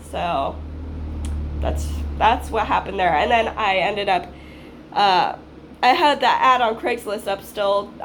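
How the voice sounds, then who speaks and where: A woman's voice: medium pitch, a little hiss or hum. A woman in her twenties, raised in Hawaii, telling a rambling personal story in a casual vlog, swearing freely and acting out what she once said. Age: 20s. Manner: rambling, swears freely, acts out her own past lines. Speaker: vlogger.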